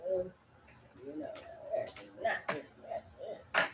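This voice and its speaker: A woman talking in a rambling solo monologue, breaking into sing-song chants and sudden loud cursing outbursts. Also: medium pitch, animated, measured pace, reverberant, heavy background noise.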